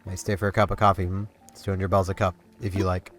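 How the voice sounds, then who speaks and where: A man voicing a gruff, quiet male pigeon café owner, low, terse and grumbling. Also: little pitch movement, fast talker, soft background music, close to an everyday voice.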